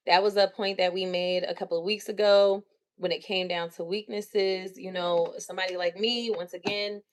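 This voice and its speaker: A young adult woman hosting a live stream, talking in a chatty, encouraging way, laughing often and acting out what people say. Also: medium pitch. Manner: chatty, animated, laughs often, acts out quotes; empathetic and encouraging. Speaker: livestream host leading a leadership meeting. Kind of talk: casual livestream talk.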